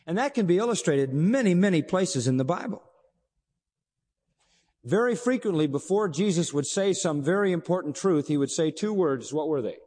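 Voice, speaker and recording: A man preaching a sermon as pastor, animated, asking rhetorical questions and pausing for effect. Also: a little high. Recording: long reverb of a large hall.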